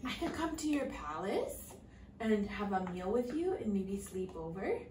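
A woman voicing a small, friendly male frog in a read-aloud storybook, high and coaxing. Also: sing-song, measured pace. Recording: echoey room, far from the mic, faint noise.

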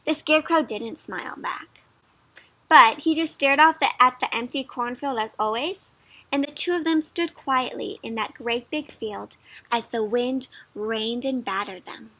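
Bright, high-voiced woman reading aloud. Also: a little slow, dry recording. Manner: gentle, asks the listener questions. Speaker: children's storybook reader. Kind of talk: interactive read-aloud for kids.

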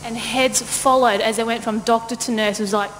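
A woman pastor telling a lively personal story in a sermon, laughing often and acting out the voices of the people in it. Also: a little high, fairly quick. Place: church auditorium. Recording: long church-hall reverb, faint noise.

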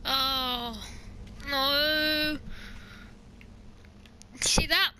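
A woman's voice: high voice, steady tone, drawn-out words, bright, forceful tone, a little hiss or hum. A woman commenting while playing a horror game, chatty and joking, with shrieks at scares. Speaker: gamer. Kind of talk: let's play commentary.

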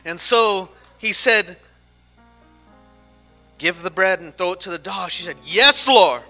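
Fervent high-voiced male preacher. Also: takes it slowly, long pauses, faint music behind. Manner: rising to fervent, shouted exhortation. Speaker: pastor. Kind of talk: sermon.

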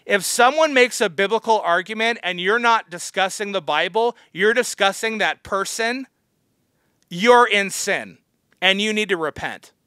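A man's voice: high voice, a little slow, bright, forceful tone, no echo, clean studio sound. A man teaching a Bible study as a pastor, blunt and harsh, scolding his listeners. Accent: American.

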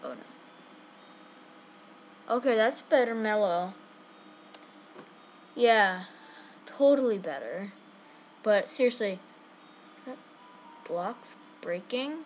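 A woman giving chatty, excitable live commentary on her own game, talking straight to her viewers. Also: medium pitch, slow pace, pauses often, a little hiss or hum. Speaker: gaming channel host.

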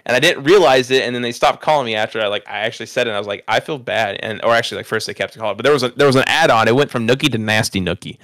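A man's voice: mid-range voice, very fast, few pauses, a bit bright, dry recording, studio quality. A young man telling a rambling, profane story to friends on a podcast, laughing at himself. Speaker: podcast host. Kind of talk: casual storytelling chat.

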